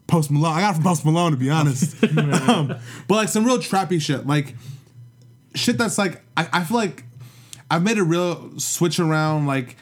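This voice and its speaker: A man's voice: a little high, lively intonation, normal speed. A young man from the Bay Area co-hosting a podcast, talking in casual slangy banter and laughing often. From San Francisco Bay Area. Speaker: podcast co-host.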